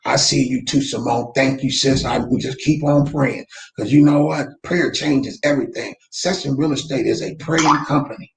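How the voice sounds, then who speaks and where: A man running his company's weekly motivational talk from home, speaking fervently like a preacher and breaking into shouts. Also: mid-range voice, steady tone, normal speed, creaky, reverberant. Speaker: real estate company owner, host. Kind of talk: live faith-based motivational talk. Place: room at home. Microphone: camera mic.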